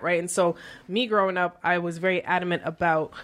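Woman from Canada, casual chat, emphatic, slangy, fairly low voice. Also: a little fast. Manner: animated, emphatic, uses slang.

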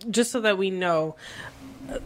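A woman from Canada talking casually about money on a podcast, emphatic and animated, with slang. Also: mid-range voice, unhurried, a little hiss or hum. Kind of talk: casual chat.

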